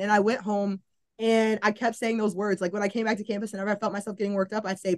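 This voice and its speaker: A young woman, a college volleyball player appearing as a podcast guest, tells a personal faith story. Her mid-range voice is fast and a bit bright, and she sounds casual and earnest, saying "like" a lot and acting out what she used to think.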